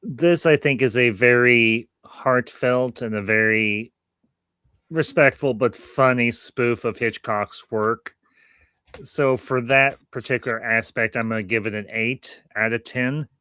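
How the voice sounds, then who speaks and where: A man's voice: mid-range voice, unhurried, bright, forceful tone, clean tone, no echo, studio quality. A man hosting a casual podcast, rambling a little and repeating phrases as he thanks his viewers. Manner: friendly sign-off, thanking viewers. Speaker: podcast host.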